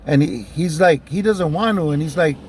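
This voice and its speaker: Gravelly-voiced man, heated storytelling. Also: a little high, moderate pace, slight background noise. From Southern California. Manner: heated, profane, rambling with many fillers. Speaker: vlogger telling personal stories. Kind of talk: casual storytelling monologue.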